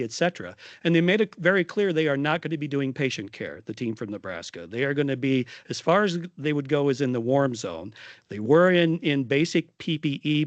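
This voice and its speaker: Middle-aged male nurse leader at a podium, animated anecdote, dry mic. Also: mid-range voice, no echo, lo-fi sound. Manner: animated storytelling with voiced quotes. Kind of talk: conference talk.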